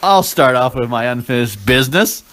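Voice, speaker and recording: A man's voice: medium pitch, lively intonation, normal speed, a bit bright. A man co-hosting a casual chat, teasing and trash-talking his friend.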